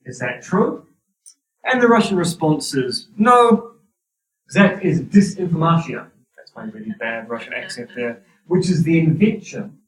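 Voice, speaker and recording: A man with a New Zealand accent giving a university lecture, with a wry, dry sense of humor. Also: mid-range voice. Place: lecture hall. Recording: roomy hall, distant mic.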